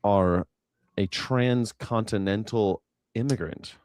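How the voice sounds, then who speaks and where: A man's voice: slow pace, darkish tone, no echo, studio quality. Playful American man hosting a livestream. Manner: playful, hypes himself up with a booming mock radio voice. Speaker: podcast host. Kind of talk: casual livestream chat.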